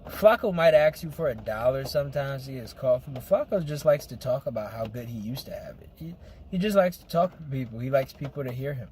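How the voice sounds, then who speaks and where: A man's voice: mid-range voice, animated, a little fast, a little mellow, a little hiss or hum. A young man telling a story in loose street slang as a podcast co-host. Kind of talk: casual chat.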